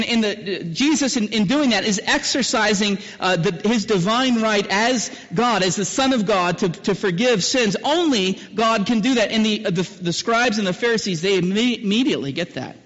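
High-voiced pastor preaching in a reverberant hall. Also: male voice. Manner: rhetorical questions to the congregation; builds to loud emphatic peaks, drops low for solemn lines. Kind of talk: sermon. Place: church hall. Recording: muffled sermon recording with long hall reverb.

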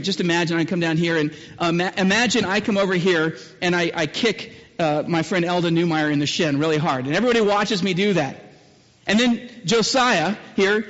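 A pastor with a high voice delivers a sermon to his congregation, posing question after question. He surges into loud, emphatic peaks, then sinks low for solemn moments. The sound is muffled and trails off in a long church-hall reverb.

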